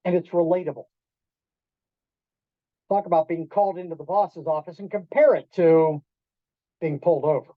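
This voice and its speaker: A man giving a storytelling talk to an audience in a restaurant event room, animated, acting out quoted voices and quizzing the listeners. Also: on the high side, moderate pace, long pauses, dry recording. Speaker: keynote speaker. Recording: dull lo-fi dry sound.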